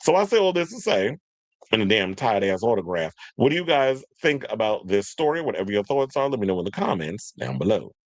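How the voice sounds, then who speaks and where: A man hosting a casual commentary show, talking in an animated way and mocking others through quick impressions. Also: on the low side, dry recording. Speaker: podcast host.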